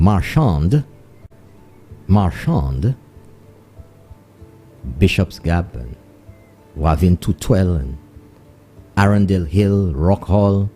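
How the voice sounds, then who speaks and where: A Saint Lucian man hosts a rambling morning show in a very dark, low voice that has a husky edge. His pitch swings freely as he chats, drops in Creole phrases and calls out greetings to one neighbourhood after another. Faint music plays behind him. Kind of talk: live morning radio chat with listener shout-outs.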